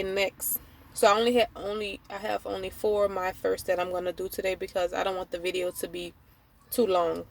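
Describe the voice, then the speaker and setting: A woman's voice: mid-range voice, gravelly, a little hiss or hum. A young woman, telling a storytime to camera in a casual, blunt way with free swearing. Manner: chatty, blunt, swears freely. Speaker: vlogger. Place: small room at home with a window.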